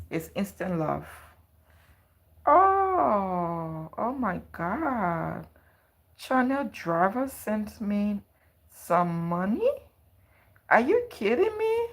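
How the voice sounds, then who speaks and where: A woman livestreaming from her home kitchen, chatting casually and gushing thanks to her viewers. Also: on the low side. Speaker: YouTuber livestreaming.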